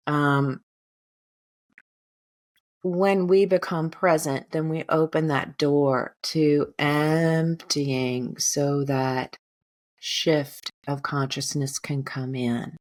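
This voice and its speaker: Woman, healer guest, low voice, unhurried pace, calm and gentle. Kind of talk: podcast interview conversation and guided breathing meditation.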